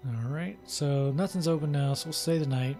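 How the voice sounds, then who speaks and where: Young guy doing a let's play, slightly high voice, reads the story out, lots of ums. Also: normal speed, faint music behind. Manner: relaxed, many fillers, reads game text aloud. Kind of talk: casual game commentary and reading aloud.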